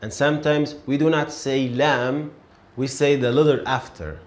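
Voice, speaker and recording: Slow, patient man teaching in an echoey room. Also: mid-range voice, steady tone. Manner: slow, patient, repeats words and syllables for learners. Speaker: Arabic teacher. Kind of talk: beginner language lesson.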